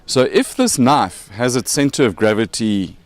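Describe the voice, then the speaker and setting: A man's voice: mid-range voice, animated, moderate pace, slight background noise. A man with a South African accent hosting a casual show, explaining with props and joking along the way. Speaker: podcast host.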